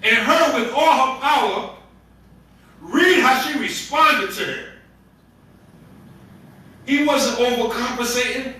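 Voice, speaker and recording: Male imam, casual storytelling sermon with slang; bright, high voice, roomy hall. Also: slow, pauses often, far from the mic. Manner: storytelling, conversational with street slang. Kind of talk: Ramadan sermon.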